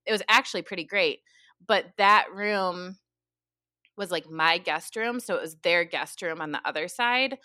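A woman therapist telling a story in casual chat, animated and full of "like", with some swearing. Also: fairly low pitch, moderate pace, dry recording, studio quality. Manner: animated, heavy use of "like", swears.

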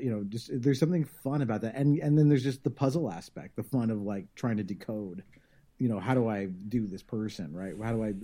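A man's voice: fairly low pitch, mellow. Thoughtful, chatty man explaining. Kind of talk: casual podcast chat.

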